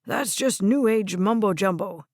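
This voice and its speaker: A woman voicing a gruff, blunt elderly grandfather in an audiobook, recorded dry. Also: medium pitch, unhurried, a little mellow, no room sound. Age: over 70. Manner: gruff and plainspoken.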